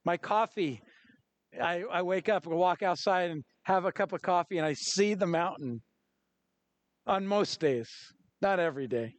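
A middle-aged man, a pastor, preaching a sermon with lively acted-out quotes and stories. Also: sits high, moderate pace, no room sound.

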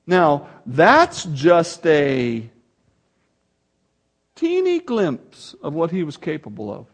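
A man's voice: a little high, slow pace. A man preaching a sermon, emphatic and dramatic, reading scripture aloud. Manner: animated, emphatic preaching with dramatic swings in loudness. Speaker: pastor.

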